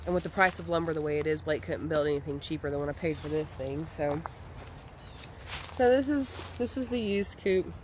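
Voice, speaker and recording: A woman's voice: deep voice, brisk, a little hiss or hum. A woman, chatting casually and rambling with lots of ums as she talks to camera outdoors by a chicken coop. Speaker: homestead vlogger.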